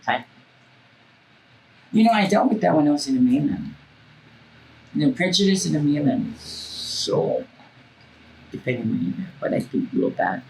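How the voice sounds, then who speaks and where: A woman's voice: sits low, animated, moderate pace, gravelly, pauses often, a little mellow, slight background noise, low-quality recording. A woman telling stories bluntly in an interview, swearing freely and acting out the voices of the people in them. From Hawaii. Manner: acts out voices in her stories. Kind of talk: casual storytelling.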